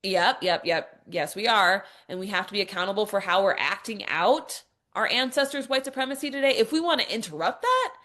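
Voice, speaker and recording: A woman's voice: mid-range voice, animated, a little fast, pushed and bright. Exasperated, profane woman podcaster. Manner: profane, exasperated and mocking, frequent "like". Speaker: podcast host. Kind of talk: opinionated podcast monologue.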